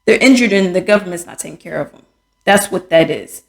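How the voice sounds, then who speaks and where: A woman's voice: lowish voice, expressive, brisk, gravelly. A woman hosting a podcast, speaking frankly and with exasperation in casual commentary, with many fillers and restarts. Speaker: podcast host. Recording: echoey room.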